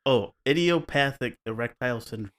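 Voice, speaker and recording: Male podcast host, mid-pitched, casual and wry storyteller with playful mock voices. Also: normal speed. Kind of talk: casual chat, retelling stories.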